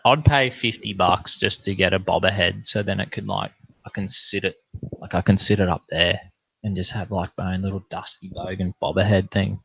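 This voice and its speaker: A man's voice: sits low, fairly even intonation, moderate pace, vocal fry, sharp tone, husky, no room sound. A young Australian man hosting a casual livestream, telling rambling, sweary anecdotes in broad slang and reading out chat comments.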